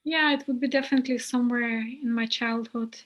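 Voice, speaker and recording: A woman's voice: fairly high pitch, steady tone, a little fast, highs cut off. A woman hosting a podcast in an upbeat, polite way, losing her voice, over a video call. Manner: upbeat, polite, laughs easily. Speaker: podcast host. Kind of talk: casual interview chat.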